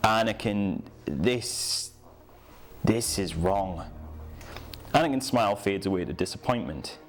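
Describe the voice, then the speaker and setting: A man voicing a troubled male Jedi mentor who speaks in a halting, grave way. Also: on the low side.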